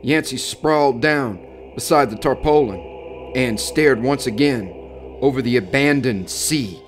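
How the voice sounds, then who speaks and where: Guy reading a spooky story real slow and measured, faint music underneath. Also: mid-range voice. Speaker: horror story narrator. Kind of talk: dramatic reading of a horror story.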